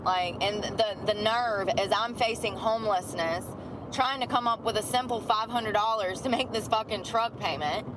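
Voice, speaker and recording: A woman's voice: medium pitch, moderate pace, background noise. A middle-aged woman ranting bluntly and profanely about her job. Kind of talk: candid rant.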